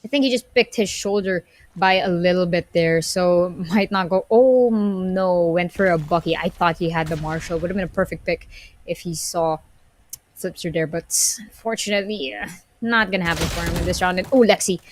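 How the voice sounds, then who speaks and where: A woman giving live play-by-play commentary on an esports match, excitable and quick to exclaim at big plays. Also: on the low side, slight background noise. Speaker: esports caster.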